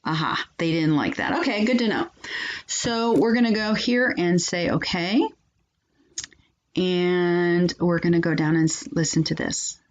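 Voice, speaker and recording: Woman tutorial host, low voice, chatty and loose, muffled lo-fi sound. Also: a little slow. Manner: chatty, many ums and restarts. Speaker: software reviewer and channel host. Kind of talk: casual screen-recording walkthrough.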